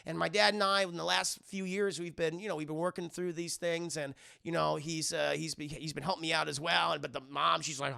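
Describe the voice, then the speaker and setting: Gravelly, excitable movie reviewer man. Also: fairly high pitch, a little fast. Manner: excitable, profane, retells scenes animatedly. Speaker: movie reviewer and live streamer. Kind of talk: casual live-stream movie review.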